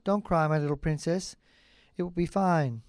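A man playing a gentle, comforting fairy. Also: on the high side, moderate pace, smooth, no echo, close to an everyday voice. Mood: soothing.

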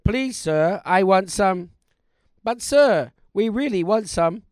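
A man's voice: sits high, animated, slow, darkish tone, no room sound, clean studio sound, pitched above the performer's own voice. A man voicing a starving orphan boy who begs for more food, in a comic stage play. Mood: pleading. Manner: begging, whiny.

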